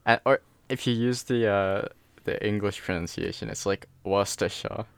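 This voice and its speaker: A man's voice: fairly low pitch, normal speed, vocal fry, clear, resonant tone, dry recording. A young man co-hosting a casual podcast, hesitant and laughing often. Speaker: podcast co-host. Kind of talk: casual chat.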